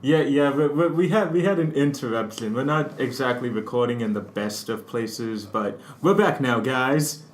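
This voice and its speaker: A man's voice: medium pitch, moderate pace, few pauses. A man co-hosting a casual news chat, joking and laughing often, recorded indoors in a room that is not well suited to recording. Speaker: news show co-host. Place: indoors, not ideal spot. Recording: echoey room.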